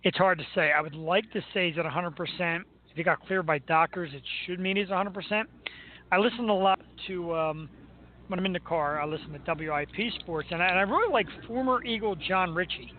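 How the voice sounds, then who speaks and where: A man from Philadelphia hosts a casual sports talk show with a high voice and a lot of enthusiasm. He chats freely and laughs easily. The audio is thin and tinny like a phone line, with faint background noise. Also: fairly quick. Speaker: show host.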